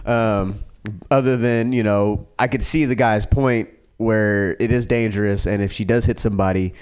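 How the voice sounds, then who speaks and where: A man doing a stand-up comedy set, rambling and profane, full of fillers and restarts, who jumps to a higher pitch when he acts out other people. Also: steady tone, moderate pace, a little mellow, clean tone. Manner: acts out characters in a raised pitch.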